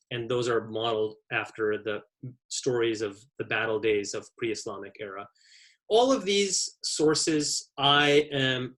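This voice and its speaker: A man's voice: medium pitch, a bit bright. A man with a mid-range voice delivers an academic lecture. He explains each point methodically, defining his terms before moving on. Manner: measured, explanatory. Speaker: guest lecturer.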